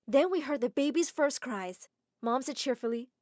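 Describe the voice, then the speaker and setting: A woman narrating a first-person animated drama story in an expressive, dramatic way. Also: high voice, normal speed, dry recording, studio quality.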